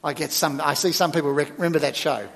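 A middle-aged male church minister preaching a sermon, with emphatic, expressive delivery and sudden loud stresses. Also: a little high, quick pace, creaky, big-room sound.

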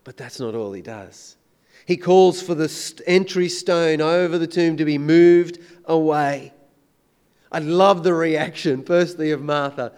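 A man preaching a sermon, swinging between loud emphatic declarations and hushed, intense questions. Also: fairly high pitch, a little slow, clean tone.

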